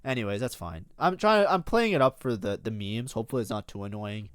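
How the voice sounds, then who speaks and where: A man with a lowish, animated voice talks briskly over his own match as a streamer, swearing freely, blowing up in frustration and blaming himself nonstop. It's casual gameplay commentary, recorded clean in a studio with no echo.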